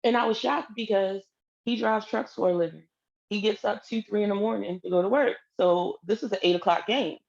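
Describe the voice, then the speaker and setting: A woman's voice: medium pitch, brisk, gravelly, muffled recording. A woman telling a personal story in a casual way, acting out the lines of the people in it. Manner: animated, acts out quoted dialogue.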